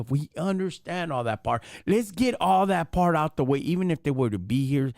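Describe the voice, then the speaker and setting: Male streamer, slangy and animated, rhetorical questions, dry close mic. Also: on the high side, normal speed, no room sound. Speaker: live stream host. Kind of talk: casual live stream talk.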